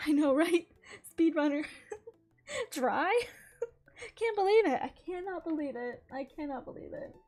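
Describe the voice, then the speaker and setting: Giggly high-voiced woman streamer. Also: slow, pauses often. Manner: animated, giggly storytelling. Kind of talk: casual chat while gaming.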